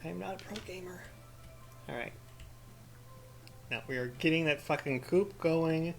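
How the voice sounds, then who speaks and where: A man's voice: a little high, unhurried, gravelly, faint music behind. A man giving rambling, profane let's-play commentary, full of crude jokes and sarcastic mock rants. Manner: mock-ranting with sarcastic asides. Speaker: gaming commentator.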